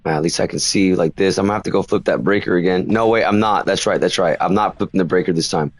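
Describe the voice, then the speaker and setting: A man doing casual let's play commentary, muttering to himself in a game and breaking into loud, dramatic outbursts. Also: deep voice, fast talker, no room sound. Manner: animated, swings from mumbling to yelling at a ghost. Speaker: gaming streamer.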